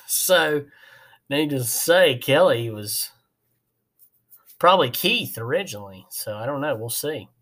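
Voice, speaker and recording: A man's voice: medium pitch, lively intonation, a little slow, long pauses, pushed and bright. A man hosting a podcast, telling a work story in a rambling, folksy way with many fillers. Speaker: podcast host, HVAC technician. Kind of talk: casual storytelling.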